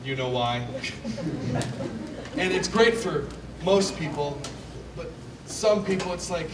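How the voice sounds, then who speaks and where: A young male comedian works through a self-deprecating stand-up set, his slightly high voice jumping around in pitch as he acts out other people. He is picked up from a distance in an echoey club, with loud crowd noise under him. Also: expressive, moderate pace. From Michigan Upper Peninsula.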